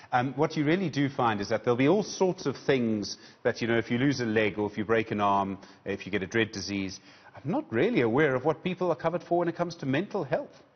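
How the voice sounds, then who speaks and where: A man's voice: on the low side, lo-fi sound. A man interviewing a guest on TV news, asking probing questions in a conversational way, often with "I mean".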